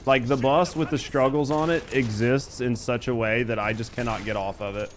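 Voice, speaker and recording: A man in his thirties streams a game, joking, swearing and reading chat aloud as he plays and talks with viewers. His voice is medium-pitched with fairly even intonation at normal speed, and there's slight background noise.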